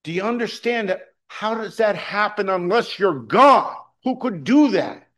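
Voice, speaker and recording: A man's voice: high voice, lively intonation, measured pace. Man preaching a conversational sermon. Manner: conversational preaching, rising to loud emphasis, with fillers and restarts. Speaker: pastor.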